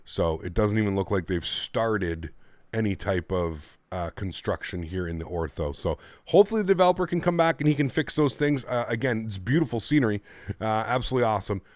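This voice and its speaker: A man's voice: lowish voice, lively intonation, a little fast, a little mellow, no echo. A man streaming a flight simulator, chatting casually and thanking his viewers in a friendly way. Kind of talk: casual livestream commentary.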